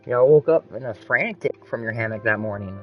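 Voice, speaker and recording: A man's voice: mid-range voice, fast talker, muffled recording, soft background music. A man in casual chat, telling long rambling stories full of swearing. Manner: rambling, profane storytelling.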